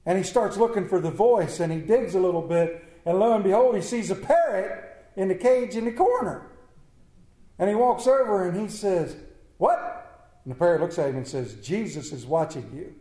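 A man preaching a sermon in an earnest manner, repeating key words and often dropping to a hushed tone. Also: high voice, animated, normal speed, reverberant, poor audio.

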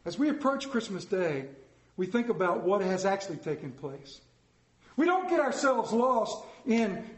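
Preacher guy giving a sermon, pretty high voice, emphatic, lots of room echo. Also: big pitch swings, unhurried. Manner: emphatic, dismissive asides.

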